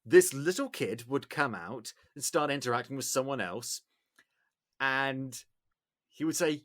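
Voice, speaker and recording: A man with an English accent, hosting a podcast in casual chat and telling stories with animated bits. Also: mid-range voice, a little slow. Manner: animated storyteller, acts out bits loudly. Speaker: podcast host.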